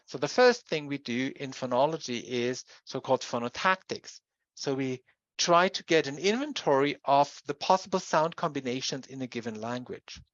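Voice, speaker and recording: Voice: mid-range voice, no echo. Lecturer, dull recording. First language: German. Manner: explanatory, spells out sounds and examples. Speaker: university lecturer.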